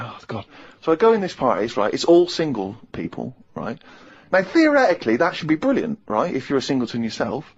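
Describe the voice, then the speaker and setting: A man's voice: medium pitch, fairly quick. A man in his thirties, co-hosting a radio show and telling a funny story, acting out other people's lines and laughing as he talks. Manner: animated anecdote-telling, acts out others' lines, laughs mid-sentence. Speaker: radio co-host. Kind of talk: casual radio chat, storytelling. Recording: slightly muffled radio recording.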